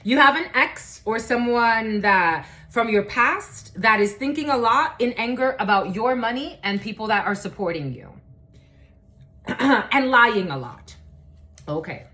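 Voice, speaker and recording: Animated woman giving a casual tarot reading. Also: a little high, measured pace. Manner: chatty, swears casually, many fillers. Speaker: tarot reader.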